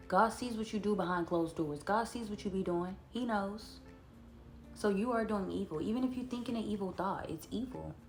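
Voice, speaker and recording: A woman, chatting earnestly about scripture and slowing down to read verses aloud. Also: medium pitch, faint music behind. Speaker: Bible study vlogger. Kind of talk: casual devotional talk to camera.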